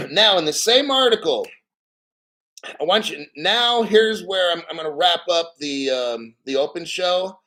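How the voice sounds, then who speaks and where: A man's voice: high voice, animated, measured pace, pushed and bright. A middle-aged man hosting a casual livestream, ranting bluntly and profanely and checking in with "okay?". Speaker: crypto livestream host.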